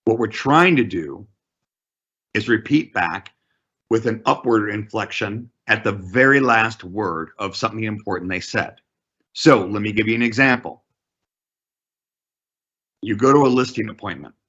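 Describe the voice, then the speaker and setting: A man teaching a real estate negotiation class, coaching in a deliberate, emphatic way. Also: on the low side, a bit bright, slightly rough, highs cut off.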